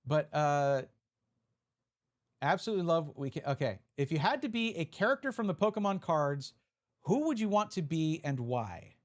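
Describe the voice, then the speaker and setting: A man's voice: on the high side, big pitch swings, normal speed. A man live-streaming, chatting casually and reading out viewer messages as he opens card packs. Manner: chatty, reads chat aloud, restarts often.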